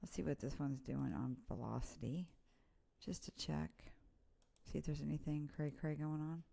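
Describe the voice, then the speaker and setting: This weather presenter has a low, slightly gravelly voice and speaks at a moderate pace. Hosting a live weather update, she runs through storm warnings in a loose, conversational style, calling out place names along the way.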